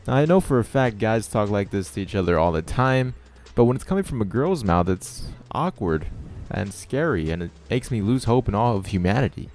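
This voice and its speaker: A man's voice: on the low side, animated, brisk, a little mellow, soft background music. A young man telling a story over game footage in a sarcastic, exasperated rant. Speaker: channel host.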